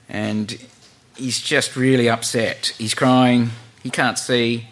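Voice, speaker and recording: A man's voice: mid-range voice, level tone, fairly bright tone. Conversational man giving a sermon. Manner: conversational, many fillers, reads verses aloud slowly. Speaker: preacher. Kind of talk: informal sermon with scripture reading.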